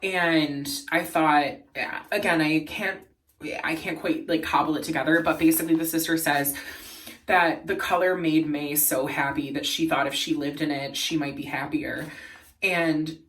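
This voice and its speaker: A man vlogging in a casual, earnest and emotional way, laughing softly as he talks. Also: a little high, steady tone, normal speed, far from the mic. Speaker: beauty and lifestyle vlogger. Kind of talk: casual chat.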